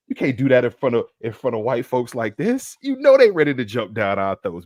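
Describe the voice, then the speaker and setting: A man co-hosting a sports podcast, delivering an animated, slangy mock lecture in a comedic rant. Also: medium pitch, fast talker, hardly any pauses, no room sound, studio quality. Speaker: podcast co-host.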